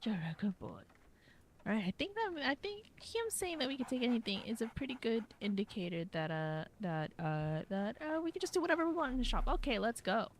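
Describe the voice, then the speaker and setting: A woman's voice: on the high side, very animated, brisk, few pauses, a little hiss or hum. A woman streaming a game, giving casual, playful commentary and talking to herself.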